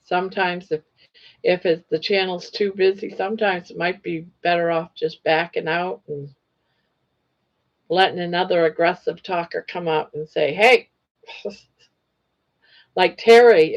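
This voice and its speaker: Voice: mid-range voice, steady tone, normal speed, vocal fry, highs cut off. A panelist on a live chat stream talking casually and hesitantly, often restarting words.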